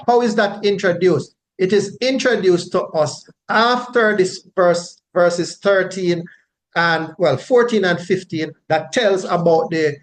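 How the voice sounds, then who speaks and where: Male Bible teacher, unhurried and explanatory, slightly high-pitched, faint low rumble in the recording. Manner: unhurried, explanatory, frequent tag questions.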